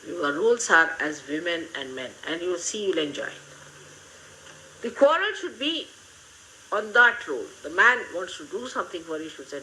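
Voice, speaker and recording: An older woman, giving a gently humorous, motherly spiritual talk to her followers. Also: on the low side, sing-song, moderate pace, a little hiss or hum, low-quality recording. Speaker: spiritual teacher.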